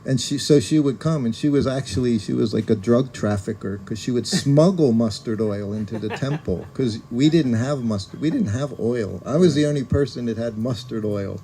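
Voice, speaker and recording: An older man telling personal memories in a casual, animated way, acting out the lines of people he quotes. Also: moderate pace, hardly any pauses, slight background noise. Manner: animated, acts out quoted voices with rising pitch. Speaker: speaker recounting memories as a former personal servant. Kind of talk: casual storytelling talk.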